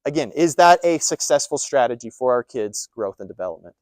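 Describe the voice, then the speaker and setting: A man's voice: medium pitch, big pitch swings, brisk, darkish tone, dry recording. A man giving a live presentation to caregivers, emphatic, asking rhetorical questions and repeating his points. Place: presentation room.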